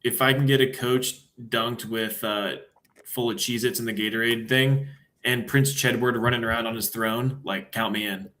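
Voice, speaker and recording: A young man with a mid-range voice co-hosts a casual sports talk stream. He runs through his picks in quick, easygoing rundowns and keeps an upbeat tone. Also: medium pitch, steady tone, pushed and bright. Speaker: sports show co-host.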